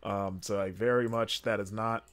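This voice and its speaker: A man hosting his own podcast, talking through a recap in a loose, casual way. His delivery rambles, with frequent fillers and quick self-corrections as he gathers his thoughts. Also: on the low side, fairly even intonation, fairly bright tone. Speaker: podcast host. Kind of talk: casual solo recap commentary.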